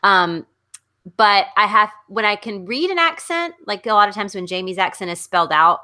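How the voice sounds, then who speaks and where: A woman's voice: mid-range voice, very animated, normal speed, pushed and bright. A middle-aged woman with a Southern American accent, chatting casually as a podcast co-host about books, rambling with fillers and restarts. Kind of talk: casual book discussion chat.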